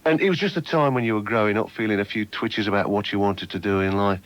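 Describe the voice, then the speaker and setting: A man's voice: lowish voice, fast, a bit bright, no echo. An older man with an East Midlands accent, a guest on a chat show, telling dry, wry stories with bits of mimicry. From England. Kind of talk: casual chat. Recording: dull TV broadcast audio.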